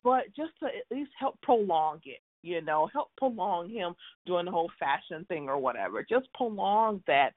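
With a fairly low, sing-song voice at a normal speed, a woman co-hosts a casual podcast about a soap opera. She is emphatic and exasperated, frequently restarting sentences, and the audio sounds tinny, like a phone.

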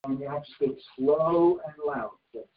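A man preaching and giving church announcements in a slow, emphatic way, repeating his instructions. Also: fairly high pitch. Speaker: pastor. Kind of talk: sermon with announcements. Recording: dull lo-fi recording.

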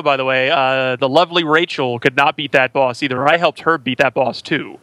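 A man's voice: medium pitch, steady tone, moderate pace, hardly any pauses, pushed and bright, dry recording. A man co-hosting a podcast, rambling through stories in casual banter. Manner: rambling storyteller, jokey. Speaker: podcast co-host. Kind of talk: casual chat.

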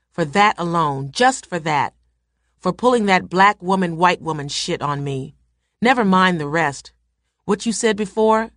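A young woman in a fury, spitting insults in a voice pushed up above its low, dry base. A woman reads her lines aloud from a novel. The sound is close and dry, with no room around it. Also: no room sound, natural voice. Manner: heated, shouting insults. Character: young woman, furious and indignant.

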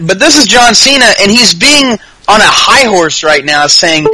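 A man co-hosting a podcast, chatting casually about wrestling in a profane, animated rant. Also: sits high, normal speed, few pauses, faint music behind, poor audio. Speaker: podcast co-host.

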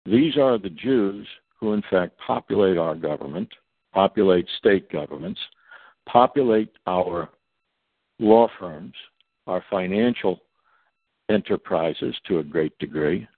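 A man's voice: low voice, expressive, unhurried, gravelly, husky, no room sound. A man speaking as a guest on a talk radio show, in a long emphatic monologue, spelling out acronyms letter by letter. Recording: tinny phone line.

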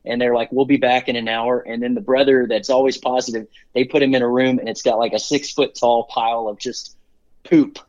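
A middle-aged man talks as an interview guest at a medium pitch, rambling cheerfully from one story to the next with lots of "um" and "you know". The sound is dull and lo-fi. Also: little pitch movement, brisk, a little mellow. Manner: rambling, upbeat, many fillers and restarts. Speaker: guest, company CEO.

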